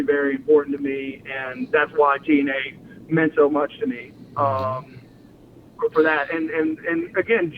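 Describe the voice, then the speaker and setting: A man, a former wrestler, telling long stories in a casual interview, acting out quotes and laughing often. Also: on the high side. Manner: animated storyteller, acts out quotes, laughs often. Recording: phone-line audio with faint noise.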